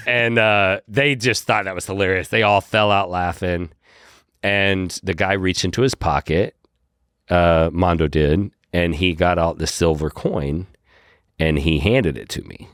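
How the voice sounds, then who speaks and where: A man, a podcast guest, telling a story in a casual, animated way and acting out his own lines. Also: deep voice, moderate pace, no echo, studio quality. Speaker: podcast guest, whiskey brand founder.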